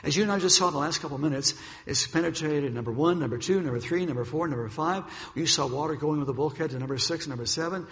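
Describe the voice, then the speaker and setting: A man's voice: a little high, fast talker, few pauses, fairly bright tone, in a large hall, close to an everyday voice. A man voicing a grave older male ship designer delivering bad news, solemn and earnest, in a sermon story.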